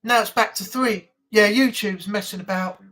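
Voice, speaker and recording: A woman's voice: mid-range voice, normal speed, a bit bright. A woman hosting a casual weekly live chat, rambling and chatty with lots of ums. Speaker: live stream host.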